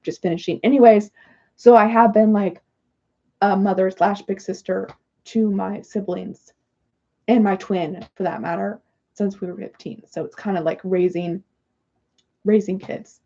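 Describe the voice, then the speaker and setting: A woman hosting a livestream who chats on in a rambling, apologetic way. Her voice is mellow and dark with a gravelly fry, and it comes through a somewhat dull, lo-fi recording. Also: medium pitch, fairly even intonation, a little slow, long pauses. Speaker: livestream host doing oracle card readings. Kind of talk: casual livestream chat.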